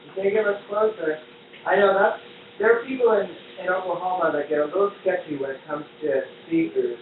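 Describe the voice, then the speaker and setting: A high-pitched, chatty man hosting a live cooking stream. He jokes and rambles playfully while he cooks. The sound is thin and phone-like, caught from a distance in an echoey kitchen with steady noise behind. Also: fairly quick. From United States. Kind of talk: casual cooking-show chat. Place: kitchen indoors.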